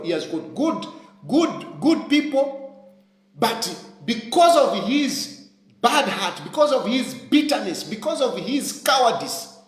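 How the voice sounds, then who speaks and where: A Zambian man, a politician, rants to his live-stream viewers in a high, animated voice that leaps up and down. He repeats his points insistently. The room around him rings with echo. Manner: impassioned, repeats phrases over and over. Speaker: opposition politician.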